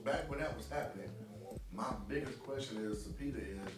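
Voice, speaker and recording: A man's voice: mid-range voice, brisk, over loud music. A man co-hosting a casual podcast, talking in long emphatic opinions full of "you know" fillers. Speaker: podcast co-host.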